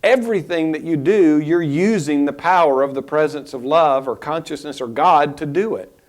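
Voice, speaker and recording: A man teaching a spiritual lesson in a reflective, unhurried way, pausing and restarting his thoughts. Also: fairly high pitch.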